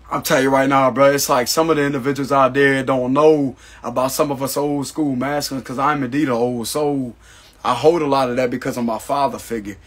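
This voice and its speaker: Man, husky voice, mid-pitched, casual storytelling monologue, emphatic, keeps saying "bro". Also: a bit bright. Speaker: astrology channel host.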